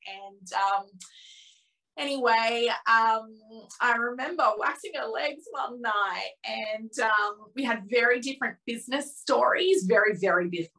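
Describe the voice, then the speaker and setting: A woman's voice: fairly high pitch, a little slow, gravelly, pushed and bright, low-quality recording. A woman in her thirties as a podcast guest, telling a frank, emotional personal story with lots of fillers.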